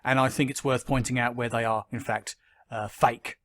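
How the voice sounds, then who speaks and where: A man talking through a critical commentary at a measured pace. He hesitates often with ums and uhs, but his argument stays firm. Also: mid-range voice, fairly even intonation, fairly bright tone. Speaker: skeptic commentator.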